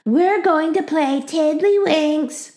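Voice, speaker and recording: A woman's voice: high voice, sing-song, reverberant, voice pushed up. A woman voicing a defiant four-year-old girl who drags her words out in a sing-song whine. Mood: chanting. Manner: slow, drawn-out, sing-song chanting.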